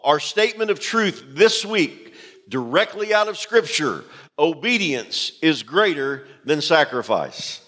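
A man's voice: sits high, lively intonation, measured pace, a bit bright. A man preaching a sermon as pastor to his congregation, emphatic and direct, repeating key phrases. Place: church sanctuary. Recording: long hall reverb from a church.

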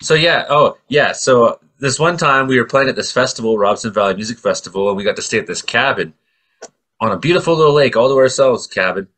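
A middle-aged man from Canada, co-hosting a casual chat and telling stories in an animated way with acted-out voices. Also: mid-range voice, a little fast. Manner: animated storyteller, acts out voices. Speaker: co-host.

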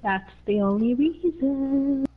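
A woman streams a game and chats in a hesitant, giggly way. She talks slowly in a fairly high voice, often restarting her sentences. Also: expressive, narrow, tinny audio, a crowd in the background. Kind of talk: casual gameplay chat.

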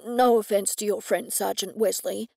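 A woman voicing a grieving male businessman, speaking slowly and heavily with aggrieved frustration. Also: mid-range voice, steady tone, gravelly, warm tone, husky, no room sound, studio quality. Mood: grieving, frustrated. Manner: slow, heavy, aggrieved pleading.

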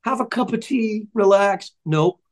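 Older male musician guest, high-pitched, loves to ramble through anecdotes. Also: animated, unhurried. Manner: chatty, rambling storyteller. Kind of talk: casual interview storytelling.

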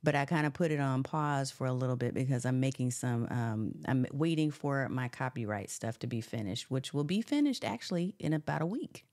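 A woman's voice: extremely low pitch, expressive, fairly quick, few pauses, darkish tone. A woman hosting a live-stream interview, upbeat and laughing often as she reads viewer comments aloud. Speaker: host.

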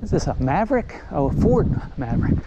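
A man's voice: on the high side, big pitch swings, a little fast, highs cut off, heavy background noise. A man casually narrating a neighborhood walk, pointing out houses and cars and cooing to a cat. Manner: rambling, points things out, coos to a cat. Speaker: walking vlogger. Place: outdoors on residential streets.

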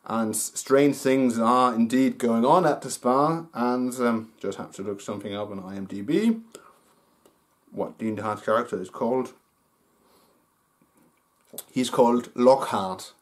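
A man with a mid-range voice hosts his own movie review show, speaking casually and without a script. His talk is full of pauses, fillers and restarts.

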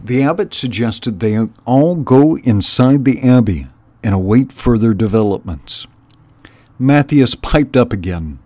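Slow, steady male storyteller. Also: mid-range voice. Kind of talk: reading a children's novel aloud.

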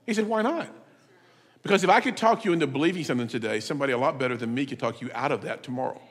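Visiting preacher, male, emphatic sermon delivery with shouting peaks, reverberant church sound. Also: mid-range voice, animated, rapid-fire. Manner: emphatic, rises to loud shouts. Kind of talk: sermon with storytelling. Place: church sanctuary.

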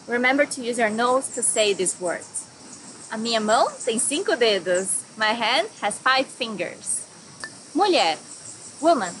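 A woman from Brazil teaching a language lesson, saying example words slowly and carefully and then explaining them. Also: high-pitched, pushed and bright, a little hiss or hum.

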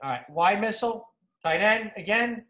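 Male football coach, New Jersey accent, high voice, energetic clinic talk in a roomy echo. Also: moderate pace. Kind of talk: clinic talk narrating game film.

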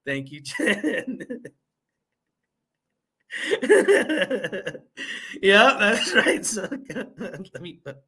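A man's voice: sits high, huge pitch swings, extremely slow, long pauses, sharp tone, husky. A man hosting a casual livestream, laughing often and rambling with fillers and restarts, turning scornful and mocking. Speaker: livestream host.

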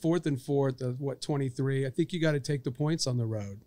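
A man in a casual podcast chat, talking in a measured, hesitant way with frequent ums and analysing games. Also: mid-range voice, warm tone.

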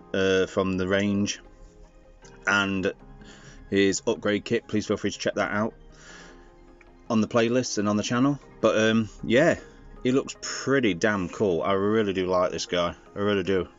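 A man's voice: on the low side, fairly even intonation, a little slow, lo-fi sound, faint music behind. A man hosting his channel, chatting casually and digressing with jokes while reviewing a toy.

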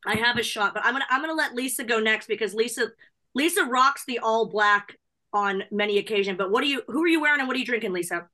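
A woman co-hosting a casual chat over drinks on a video call, bubbly and quick, laughing often. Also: a little high, sharp tone. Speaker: co-host.

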